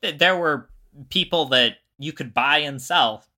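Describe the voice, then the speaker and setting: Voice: mid-range voice, measured pace, pushed and bright. A podcast co-host explaining at length in casual chat, often restarting and circling back.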